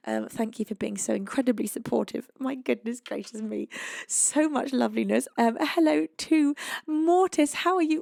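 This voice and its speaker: Bubbly British woman, high and gravelly. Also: no echo, studio quality. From United Kingdom. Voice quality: low voice she calls husky-edged. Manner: bubbly and effusive, gushing thanks to viewers. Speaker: live-streaming singer and host. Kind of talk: casual chat between songs on a live stream.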